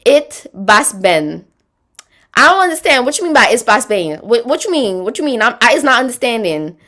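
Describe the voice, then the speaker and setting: A woman's voice: fairly high pitch, very animated, fast talker, bright, forceful tone. A woman with a Quebec French accent, hosting a casual livestream, chatting, rambling and reading viewer comments aloud. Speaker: livestream host reading chat.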